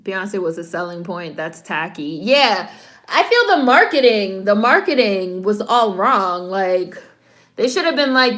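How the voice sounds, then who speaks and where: A woman's voice: mid-range voice, animated, a little slow, a bit bright. Female host, casual film reaction commentary, frank and profane, mid-range voice. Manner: blunt, profane, talks back at the screen. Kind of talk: casual watch-along commentary.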